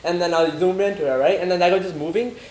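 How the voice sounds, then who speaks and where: A man's voice: high-pitched, steady tone, fast talker, a little mellow. A young man telling a scary story in casual podcast chat, rambling and slangy with lots of "bro" and "like". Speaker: podcast co-host. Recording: echoey room, faint noise.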